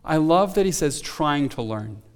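Guy preaching a sermon, high-ish voice, chatty with lots of restarts, big hall echo. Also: expressive, unhurried, smooth. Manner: conversational preaching, frequent restarts, rises to emphatic quotes. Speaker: pastor.

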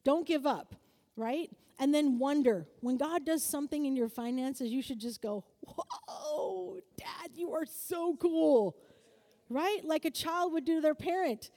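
A married woman giving a lively sermon-style lesson, asking her listeners for answers and acting out quoted voices. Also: sits high, normal speed. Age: adult, married. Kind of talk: sermon-style teaching to a group. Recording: long hall reverb.

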